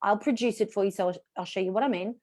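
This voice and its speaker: A woman voice coach guides an online class through vocal exercises. She is chatty and encouraging, with a pitch neither high nor low for a woman. She talks her students through each step. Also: rapid-fire, darkish tone. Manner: instructive, demonstrating vocal exercises. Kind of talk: live online voice workshop.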